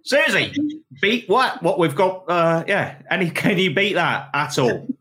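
A man's voice: high-pitched, unhurried. A young English man hosting a casual chat, jokey and full of "uh" fillers. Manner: lively, jokey, hesitant fillers.

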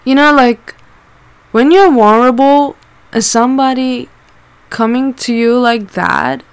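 A woman's voice: on the high side, unhurried, clean tone. A woman candidly telling a personal story in a casual way, swearing often and using lots of fillers.

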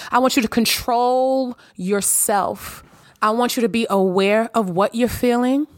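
A woman's voice: fairly high pitch, no echo, studio quality. A woman hosting a solo podcast, talking emphatically and preaching, repeating phrases for effect. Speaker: podcast host.

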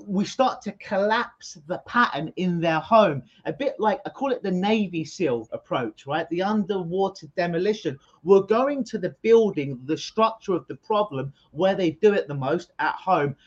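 A middle-aged hypnotist being interviewed over a video call, explaining his work as an energetic storyteller who often repeats words at the start of sentences. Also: high-pitched, unhurried, highs cut off. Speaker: hypnotist guest.

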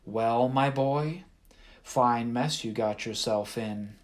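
A man's voice: medium pitch, takes it slowly, close to an everyday voice. A man voicing a weary old male fox who talks in a wheezy, strained drawl. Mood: wry.

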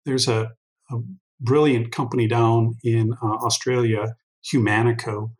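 Man, interview guest; mid-pitched, talks through ideas at length, plenty of restarts and "you know"s. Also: level tone, a little slow, rough recording. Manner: thoughtful, long-winded, many restarts and fillers. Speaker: guest expert on workforce intelligence. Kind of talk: conversational interview answer.

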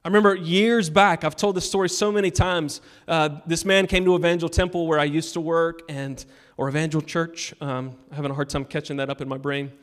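A male pastor giving a sermon, telling a personal story and urging the congregation, moving between loud appeals and hushed moments. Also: on the high side, fairly even intonation, a little fast, few pauses. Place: church sanctuary.

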